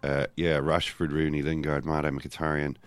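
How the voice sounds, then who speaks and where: Very deep-voiced rambling man. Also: moderate pace, clean tone, no echo. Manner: rambling, self-interrupting, animated asides. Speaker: podcast co-host. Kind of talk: casual football chat.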